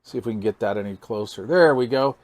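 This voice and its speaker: A man's voice: lowish voice, fast talker, darkish tone. A man hosting a casual hands-on radio gear demo, folksy and amazed, thinking aloud while he reads meters and counts into the mic. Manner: counts into the mic during test calls. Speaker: radio hobbyist channel host.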